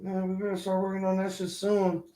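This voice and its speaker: A man hosting a casual wrestling reaction chat, excitable and profane, often restarting his sentences. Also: high voice, fairly quick. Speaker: podcast host.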